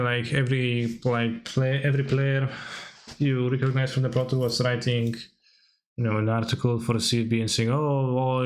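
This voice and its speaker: A man with a mid-range voice reacts to old videos on stream, chatty and wry. He laughs often and talks loosely, with plenty of filler words.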